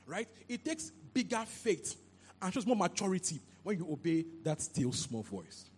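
A man preaching a sermon into a handheld mic, animated and repetitive, often asking if the listeners understand. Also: high-pitched, normal speed, slightly rough. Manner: animated, repeats phrases, asks "you understand?". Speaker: pastor.

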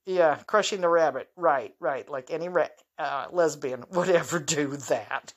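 A woman's voice: low voice, unhurried. A woman talking alone into the mic for her podcast, loose and unscripted. She is blunt and opinionated, drops profanity without a second thought, and keeps breaking into little chuckles at her own jokes. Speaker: podcast host. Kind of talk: casual solo podcast monologue.

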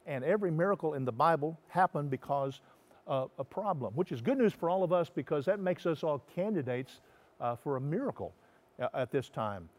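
A man, a pastor, preaching a sermon. He swings from loud emphatic lines to soft, slow, hushed passages. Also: a little high, lively intonation.

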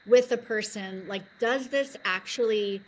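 Bubbly woman guest, quick to laugh. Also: mid-range voice, a little hiss or hum, rough recording. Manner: bubbly, laughs easily, lots of "like". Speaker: podcast guest, energy coach. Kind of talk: casual interview chat.

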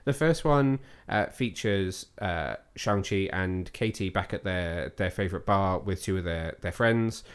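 A man's voice: sits low, a little slow, hardly any pauses, smooth. A man hosting a casual film review chat, rambling a little and asking his co-host questions. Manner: rambling, many restarts, asks questions. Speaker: podcast host.

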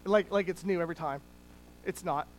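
Preacher delivering a relaxed, conversational sermon, mid-pitched, drawing out key words for emphasis. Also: a little fast, a little hiss or hum, rough recording. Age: adult parent. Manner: conversational teaching with many small restarts.

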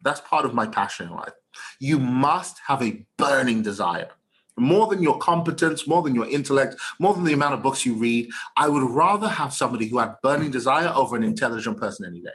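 Man, middle-aged, motivational speaker, emphatic, repetitive, mid-pitched voice. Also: expressive, a little fast, a bit bright. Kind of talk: motivational talk to students.

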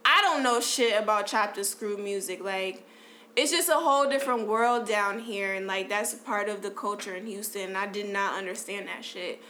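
A woman's voice: mid-range voice, moderate pace, slight background noise. A woman hosting a podcast, chatting casually and loosely with lots of slang and fillers. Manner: relaxed, slangy, lots of "like" and "you know". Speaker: podcast host.

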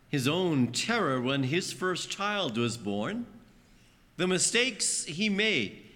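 Priest guy giving a homily, lively up-and-down pitch, slow, bright voice, big church echo. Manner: storytelling, acting out voices with big swings in pitch. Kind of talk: sermon. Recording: long church reverb.

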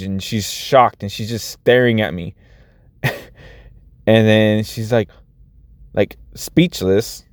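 A man's voice: fairly low pitch, a little mellow, clear, resonant tone, no room sound, studio quality. A man in his thirties talking casually to his viewers as a vlogger, earnest and rambling, with many restarts. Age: 30s. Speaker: vlogger and after-school teacher. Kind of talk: casual vlog talk to viewers.

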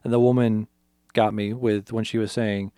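The sound is clean studio with no echo, and the man's low-side voice has a clean tone at a moderate pace. As a podcast co-host, he casually retells a film's plot in detail, animatedly acting out characters' lines and swearing freely.

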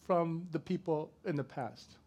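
A middle-aged man preaching a sermon, swinging from loud to soft as he tells a story. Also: a little high, fairly even intonation, unhurried. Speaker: pastor.

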